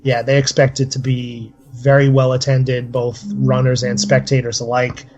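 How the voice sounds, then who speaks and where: A man's voice: mid-range voice, completely flat delivery, normal speed, a little mellow. A man co-hosting a casual podcast, talking steadily and rambling with many fillers. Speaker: podcast co-host. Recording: slightly dull lo-fi audio.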